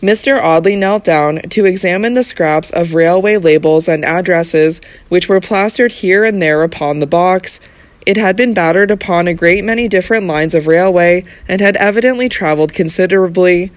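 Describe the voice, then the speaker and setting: A narrator reads a classic novel at a steady, measured pace, the voice sitting in the middle of its range. The sound is dry and close, with no room around it. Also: medium pitch, no echo. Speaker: audiobook narrator. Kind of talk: scripted narration of a Victorian novel.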